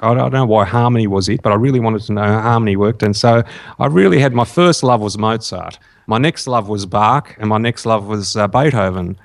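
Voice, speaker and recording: Gravelly older Australian man, hesitant. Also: medium pitch. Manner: hesitant, full of fillers and restarts. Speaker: guest songwriter. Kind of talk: casual interview chat.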